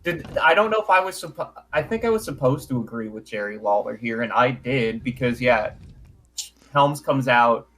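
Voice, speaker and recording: A man's voice: mid-range voice, expressive, normal speed, a bit bright. Man giving a dry sarcastic recap. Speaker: podcast co-host. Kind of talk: casual recap chat.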